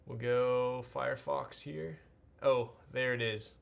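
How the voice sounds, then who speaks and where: A man's voice: medium pitch, steady tone, slow, vocal fry. A man chatting casually with his live-stream audience while he builds a keyboard, greeting viewers in a laid-back way.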